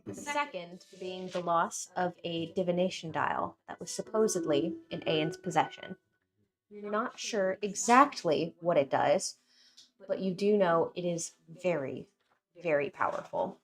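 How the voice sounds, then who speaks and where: A woman game master narrating a recap of the story so far in a measured storytelling manner. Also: fairly low pitch, lively intonation.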